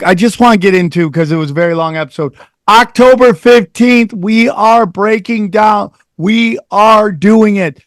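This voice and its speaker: A man hosts a podcast in loud, crude, joking banter. His voice sits high. The recording is dry and close. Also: dry recording. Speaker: podcast host. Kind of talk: casual podcast chat.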